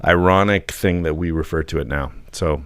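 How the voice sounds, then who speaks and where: A man with a fairly low voice co-hosts a casual podcast. He reads old quotes aloud with playful voices and laughs easily. The recording is dry and close. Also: moderate pace, no room sound. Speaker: podcast co-host. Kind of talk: casual chat.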